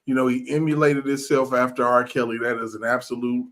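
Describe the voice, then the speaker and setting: Swearing, animated male podcast host. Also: mid-range voice, brisk. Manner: animated storyteller, acts out quotes, swears freely. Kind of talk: casual chat.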